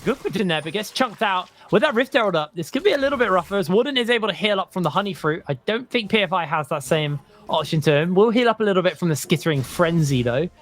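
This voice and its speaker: A man calling an esports match play by play, quick and energetic. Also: sits high. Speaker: play-by-play caster.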